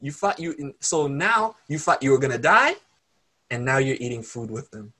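A man preaching, retelling a story in an animated, conversational way. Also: medium pitch, normal speed. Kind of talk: sermon storytelling.

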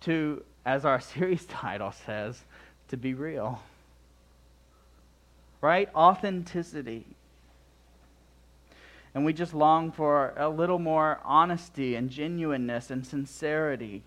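A young adult man preaching a sermon, emphatic, swinging between loud declarations and quiet asides. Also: a little high, slow pace, pauses often.

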